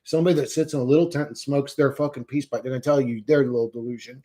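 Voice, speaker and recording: Here the streamer's mid-range voice is dark and steady but rapid-fire. He curses through a heated, mocking tirade directed at his audience while responding to comments in the stream chat.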